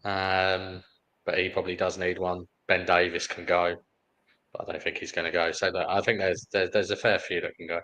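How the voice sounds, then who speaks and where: Deep-voiced man giving measured analysis. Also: completely flat delivery, creaky, pushed and bright, poor audio. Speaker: panel guest. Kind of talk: casual football discussion.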